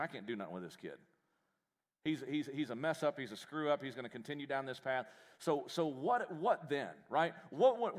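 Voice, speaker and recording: A man preaching a sermon in a church, folksy and joking, with animated delivery. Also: medium pitch. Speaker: pastor.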